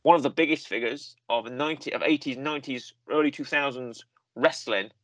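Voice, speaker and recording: A man co-hosting a wrestling review show, telling stories in a rambling, animated way with lots of repetition. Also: mid-range voice, fairly quick, no room sound. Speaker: podcast co-host. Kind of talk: casual chat.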